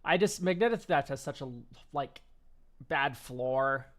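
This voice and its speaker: A man's voice: medium pitch, lively intonation, a little slow. A man streaming a casual card-game deck review, rambling and offhand, swearing and laughing easily.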